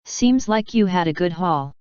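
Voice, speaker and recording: A woman reading the lines of a kindly, proud older man who gently waves off worry. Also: fairly low pitch, expressive, moderate pace, clear, resonant tone, dry recording, muffled recording, natural voice. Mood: gentle. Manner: gentle, brushes off concern.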